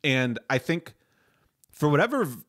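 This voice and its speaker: A man's voice: a little high, big pitch swings, normal speed, a bit bright, no room sound, clean studio sound. A man in casual podcast chat about comedy films, animatedly retelling movie scenes, laughing and acting out the lines.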